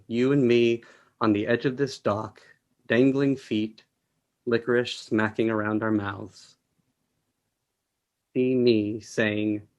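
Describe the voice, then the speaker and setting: A man, an actor, reading a short story aloud with measured, deliberate phrasing over a video call. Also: mid-range voice. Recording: dull lo-fi audio.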